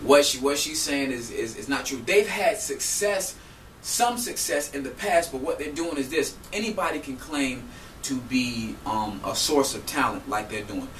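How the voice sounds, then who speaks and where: A man's voice: medium pitch, moderate pace. Guy ranting about getting scammed, aave, playing both sides of the fight, roomy echo, mic kinda far, faint room hum. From South Florida. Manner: animated, profane, acts out both sides of an argument. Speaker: vlogger telling a story. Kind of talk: heated storytelling rant.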